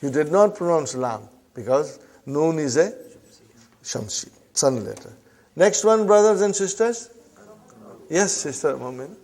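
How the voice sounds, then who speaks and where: A man teaching a classroom Arabic lesson, slowly drilling phrases and often checking that his students follow. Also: on the high side, expressive, darkish tone.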